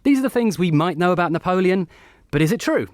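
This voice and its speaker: A man's voice: high voice, lively intonation, fast talker, no echo. Guy hosting a history chat, bouncy up-and-down voice, dry close mic. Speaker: host.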